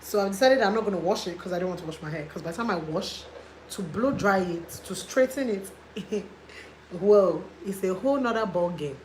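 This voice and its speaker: A woman vlogger from Nigeria chatting casually on a live video, animated and indignant as she tells a story. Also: mid-range voice, a little fast, echoey room, slight background noise, rough recording. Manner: animated, gets loud and indignant retelling a confrontation.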